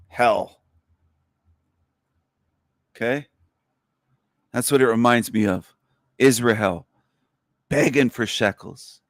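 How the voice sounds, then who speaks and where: A man rants through a livestream monologue in an angry, profane, repetitive delivery. His pitch sits mid-range and leaps upward when he gets worked up. The sound is dry and close, with no room echo. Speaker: livestream host.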